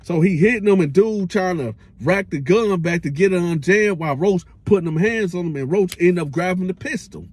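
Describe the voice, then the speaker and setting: A man hosting a casual storytime, telling a prison tale in animated slang with his own sound effects. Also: high voice, fairly quick, few pauses, slightly rough. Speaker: storyteller host.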